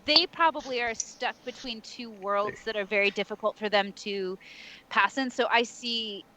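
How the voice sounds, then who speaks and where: A woman's voice: fairly high pitch, moderate pace, very noisy. A woman in casual voice chat with friends, gushing and swearing freely, laughing often. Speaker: tabletop game player.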